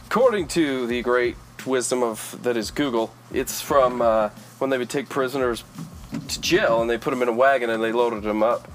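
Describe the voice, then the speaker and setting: A man's voice: medium pitch, moderate pace, slight background noise. A man co-hosting a podcast, telling anecdotes and wrapping up the show in casual chat. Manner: relaxed storyteller, signs off the show. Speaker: podcast co-host.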